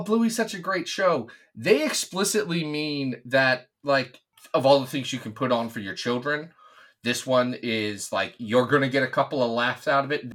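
A man co-hosts a podcast in loose, joking chat, sometimes ranting and then trailing off into mumbles. His pitch is lively and moves a lot. The tone is bright and forceful. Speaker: podcast co-host. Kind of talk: casual chat.

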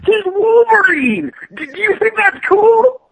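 A man impersonating an excitable, boastful male comic writer friend, talking in a rushed, eager way. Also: poor audio. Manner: eager, rushed, high-pitched.

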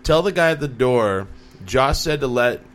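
This is a young man hosting a casual podcast chat. He tells his stories with energy and acts out what other people said. His voice sits at an ordinary pitch. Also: normal speed, soft background music. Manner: animated storyteller, acts out quotes. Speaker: podcast host.

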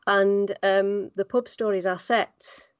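A woman's voice: mid-range voice, steady tone, slow pace, dry recording. Lady voice actor chatting on a podcast, acts out the quotes, kinda dull dry mic. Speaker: guest voice actor. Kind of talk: casual podcast chat.

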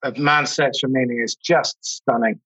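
A man's voice: medium pitch, steady tone, normal speed, fairly bright tone, slightly rough, lo-fi sound. A man interviewing a guest on a video call, with brief encouraging replies. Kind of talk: casual interview talk.

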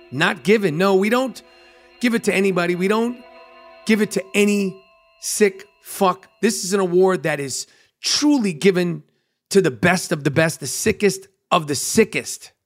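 A man's voice: high voice, a bit bright. A man hosting a comedy podcast, riffing through a monologue in a hyped-up, profane, joking way. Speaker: podcast host.

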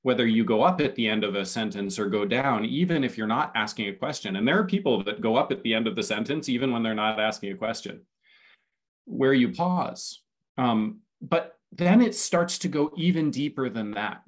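A man's voice: mid-range voice, lively intonation, moderate pace. A man who is a guest on a podcast, explaining his ideas with enthusiasm and building up his points as lists. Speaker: podcast guest, community consultant. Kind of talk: casual interview chat.

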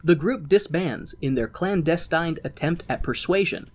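Lively, chatty man recapping a show. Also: on the high side, moderate pace. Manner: laughing, rambling retelling with filler words. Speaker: podcast co-host. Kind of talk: casual recap chat.

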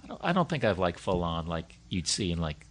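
A man's voice: deep voice, very animated, brisk. A man in casual conversation, telling rambling, wry stories and breaking into sudden sweary rants. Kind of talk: casual chat.

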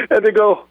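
A man's voice: high voice, husky, dry recording. A man in his sixties with a Californian accent, telling a long story in a rambling way, restarting and repeating words. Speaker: guest musician. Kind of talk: storytelling in an interview. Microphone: phone. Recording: tinny phone line.

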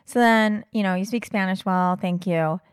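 A woman's voice: medium pitch, normal speed, clean tone, no echo, studio quality. A young woman co-hosting a casual podcast, telling travel stories in a chatty way and laughing often. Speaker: podcast co-host.

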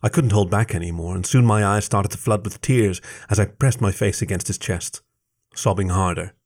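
A man with a fairly low voice reads a first-person story aloud. His delivery is measured and soft-spoken. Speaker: story reader.

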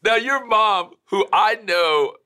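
A man hosting a casual interview who asks curious, eager questions. His voice is bright and sits fairly high. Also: lively intonation, slow. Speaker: podcast host.

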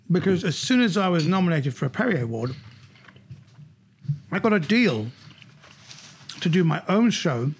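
A middle-aged man, a comedian, recounting anecdotes in an animated way during an interview. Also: slightly rough. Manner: animated anecdotes, jumps higher when quoting others. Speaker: comedian guest. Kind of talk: storytelling in an interview.

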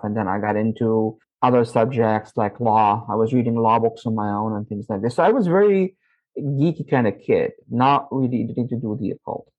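A middle-aged man from Saudi Arabia, a podcast guest telling stories from his youth in an animated way. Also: medium pitch. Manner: animated, acts out his own past dialogue. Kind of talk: interview storytelling. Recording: slightly muffled audio.

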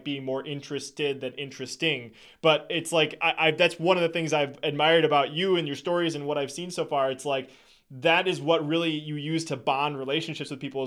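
A man's voice: on the high side, a bit bright. Rambling male interview host. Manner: rambling questions with restarts. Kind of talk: casual interview questions.

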